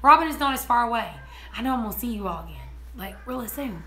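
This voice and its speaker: An excitable woman chats casually on her vlog, giggling as she tells stories. Her voice sits a little high and rings bright and forceful. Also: quick pace. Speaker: homesteading vlogger. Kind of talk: casual chat.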